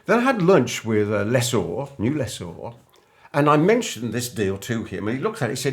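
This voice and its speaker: A man's voice: mid-range voice, very animated, moderate pace. An older man, a business coach, telling an anecdote to camera and acting out remembered dialogue. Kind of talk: storytelling monologue to camera.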